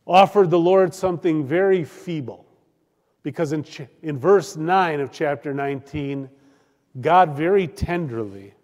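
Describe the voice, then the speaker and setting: A pastor preaching a sermon, swinging between loud declaiming and hushed, drawn-out emphasis. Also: male voice, on the high side, long reverb tail.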